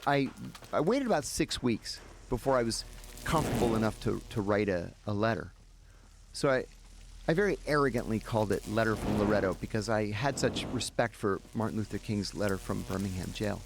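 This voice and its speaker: Gravelly man telling a lively story. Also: on the low side, a little fast, noisy background. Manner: animated, acts out the people he quotes. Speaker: guest. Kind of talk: storytelling in an interview.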